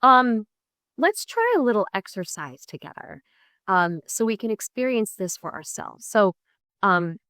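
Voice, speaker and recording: A woman's voice: medium pitch, animated, unhurried, a bit bright, dry recording, studio quality. Patient middle-aged woman teaching a class. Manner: clear, patient teaching, checks in with "right?" and "okay?". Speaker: music therapy professor. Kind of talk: online lecture with vocal exercises. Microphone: computer mic on a video call.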